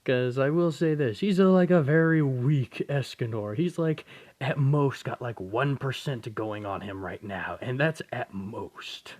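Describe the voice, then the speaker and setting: Young male storyteller, slow and meandering, casual and profane, mid-range voice. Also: mid-range voice, a little mellow. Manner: rambling, profane, self-correcting. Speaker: fan-story narrator. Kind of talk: casual spoken story retelling.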